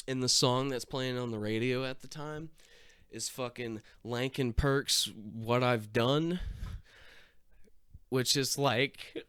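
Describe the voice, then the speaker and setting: Smooth, dry-voiced man telling a profane story. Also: mid-range voice, fairly bright tone, dry recording. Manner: swears constantly, acts out every exchange. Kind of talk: casual comic storytelling.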